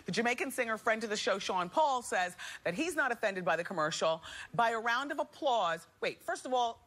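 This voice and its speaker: A woman's voice: medium pitch, heavy background noise. A woman from New Jersey hosting a talk show, chatting animatedly and laughing often in a studio with an audience. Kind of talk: talk show gossip commentary.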